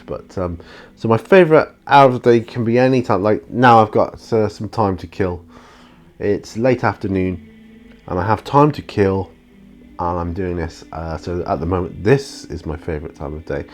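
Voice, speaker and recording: A man's voice: on the low side, a little mellow. A man hosting his own channel, answering viewer questions in a casual, rambling monologue with plenty of ums and restarts. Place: outdoors near his studio.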